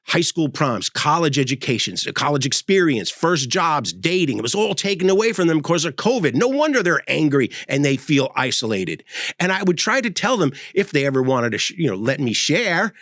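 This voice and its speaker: A man in his sixties giving a sarcastic, animated comedic monologue as host. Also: on the high side, no echo. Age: 60s.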